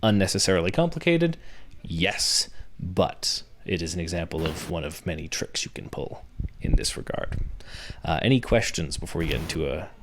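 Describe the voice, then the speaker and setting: A young male podcast host with a deep, low voice. He talks through a workshop in a patient, teacherly manner, building each point from examples one step at a time. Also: lively intonation, moderate pace, a little hiss or hum. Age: young adult. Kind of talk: workshop-style podcast explanation.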